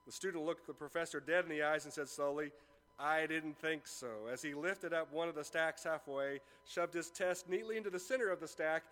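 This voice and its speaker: A man's voice: fairly high pitch, fairly quick, hardly any pauses, a bit bright. A man giving a sermon as a pastor, telling a story with acted-out dialogue before turning to scripture. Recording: long reverb of a large room.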